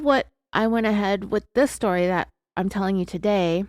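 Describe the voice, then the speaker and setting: A woman's voice: mid-range voice, moderate pace, no echo, studio quality. Chatty candid true-crime podcast woman. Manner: candid, confessional, chatty with frequent fillers. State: has hiccups. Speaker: podcast host.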